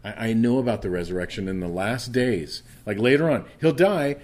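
Man preaching, low voice, conversational teaching tone, reads scripture aloud. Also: a little fast, darkish tone. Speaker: pastor. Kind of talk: sermon.

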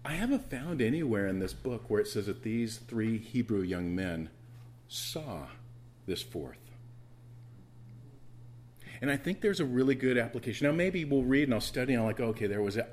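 A man's voice: fairly low pitch, a little mellow, slight background noise. A middle-aged man, a pastor, preaching a conversational sermon to his church, repeating words and pressing his points with emphatic rises.

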